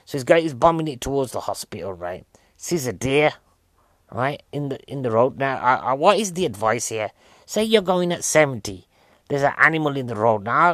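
A man's voice: mid-range voice, a bit bright, no echo. A man giving a rambling, comic recap of a film, full of rhetorical questions. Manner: rambling, chatty, keeps asking "right?" and rhetorical questions. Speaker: film reviewer.

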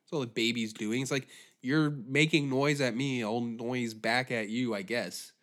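A man hosting a podcast who rants in a profane, rambling, animated way. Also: medium pitch, unhurried. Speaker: podcast host. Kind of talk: comedic rant.

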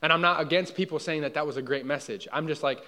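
A man's voice: on the high side, fast talker, bright, forceful tone. A young man preaching a conversational sermon in a church hall, casual and often checking in with his listeners. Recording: long hall reverb.

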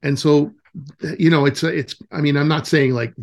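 A man's voice: on the high side, steady tone, normal speed. Rambling middle-aged man telling stories. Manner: rambling storytelling with many fillers and restarts. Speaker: guest, nature camp director. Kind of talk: casual interview talk.

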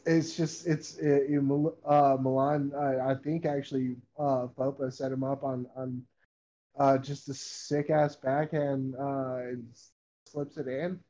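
A man's voice: medium pitch, little pitch movement, unhurried, mellow, lo-fi sound. A man who is a guest on a podcast, chatting casually and rambling with lots of fillers. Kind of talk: casual chat on a call.

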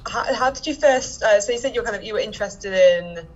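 A woman's voice: mid-range voice, brisk. A woman hosting a podcast, interviewing a guest over a video call in a casual, chatty way with fillers. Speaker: podcast host. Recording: dull, lo-fi call audio with faint noise.

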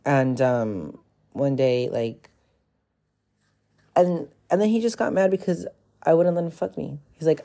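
A man's voice: on the high side, animated, measured pace, gravelly, long pauses, warm tone. A man in his twenties from California, hosting a podcast and telling a personal story in a frank, profane, rambling way full of fillers. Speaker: podcast host. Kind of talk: casual confessional storytelling.

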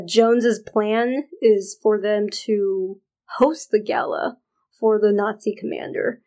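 A woman co-hosting a podcast, recapping a TV episode in a deliberate, chatty way with fillers. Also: medium pitch, mellow, rough recording. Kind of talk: casual chat.

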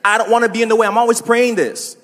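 A man's voice: very high-pitched, steady tone, fast, fairly bright tone, in a large hall. A man preaching a sermon as a pastor, talking casually to the congregation with asides and laughs.

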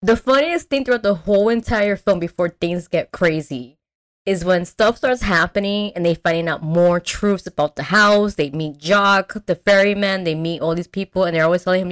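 A young adult woman host recapping a movie in casual chat. She talks in an animated, slangy way, with lots of fillers and restarts. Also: on the low side, normal speed. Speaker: podcast host.

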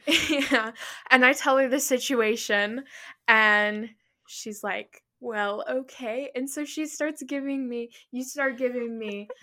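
A young woman co-hosting a podcast, telling a story in a casual, animated way and acting out her own panicked lines. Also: a little high, slow. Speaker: podcast co-host.

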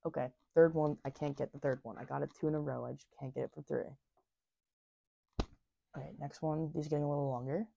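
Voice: mid-range voice, fairly even intonation, fairly quick, creaky, mellow, no echo, dull audio. A vlog host chatting casually and doing tongue twisters, speech slightly slurred by a dental retainer, stumbling and laughing at the slips.

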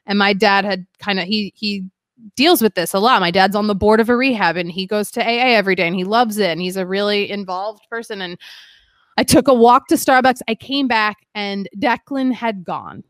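A woman's voice: mid-range voice, normal speed, no room sound. A young woman candidly telling a painful personal story as a guest, rambling with lots of "like" and shifting emotion. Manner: rambling, heavy use of "like", emotional.

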